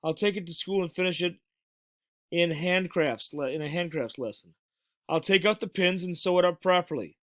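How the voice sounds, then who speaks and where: A man voicing an eager, excitable young boy who exclaims breathlessly, in a storybook read-aloud. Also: high voice, normal speed, dry recording, lightly acted. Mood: earnest.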